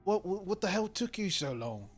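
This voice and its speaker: A man's voice: high-pitched, big pitch swings, moderate pace, faint music behind, voice pushed up. A man voicing a brutish male ogre guard who stammers and talks bluntly and rudely. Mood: impatient.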